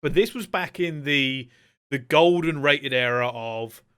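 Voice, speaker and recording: A man hosting a casual podcast, animated and quick to chime in. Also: a little high, clean tone. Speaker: podcast host.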